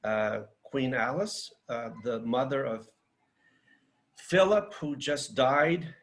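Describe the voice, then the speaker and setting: A man's voice: mid-range voice, slow, low-quality recording. Fiery man giving a seminar talk. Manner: fiery, declamatory, rhetorical. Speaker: seminar speaker.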